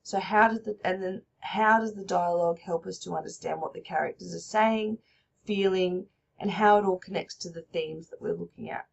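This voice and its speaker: Aussie teacher lady walking students through it, gravelly voice, lots of "all right?". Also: fairly low pitch, normal speed, lo-fi sound. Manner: explanatory, checks in with frequent "all right?". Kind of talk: recorded lesson.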